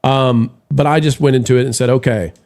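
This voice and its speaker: A man's voice: medium pitch, steady tone, fairly quick, creaky, a little mellow. A man hosting a casual live-stream show, rambling with fillers while reading viewer messages aloud. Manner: rambling, full of fillers and restarts.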